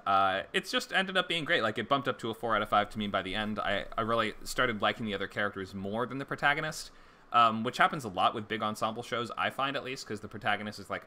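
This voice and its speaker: With the hiccups interrupting him, this man teaches a screenwriting class over a casual livestream, talking loosely with lots of fillers and false starts. His pitch is fairly low and his tone bright and forceful.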